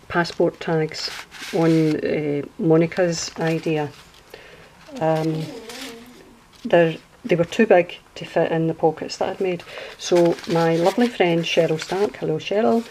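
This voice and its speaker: A woman's voice: lowish voice, slow pace, pauses often, a little mellow, a little hiss or hum, rough recording. A Scottish woman hosting her craft channel, walking through a project at home in a chatty, rambling way. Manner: chatty, rambling, homely asides. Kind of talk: casual craft walkthrough. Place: at home indoors.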